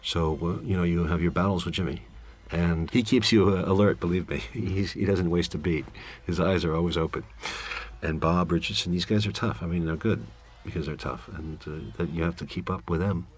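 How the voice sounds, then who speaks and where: A man's voice: sits low, fairly even intonation, fairly quick. A man giving a director's commentary, telling candid, wry, rambling stories about a film shoot. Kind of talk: director's commentary, reflective storytelling.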